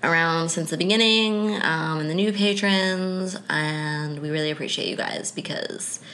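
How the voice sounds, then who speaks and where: Bright-voiced woman podcast co-host. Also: low voice, unhurried. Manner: chatty, relaxed, many fillers. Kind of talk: casual podcast chat.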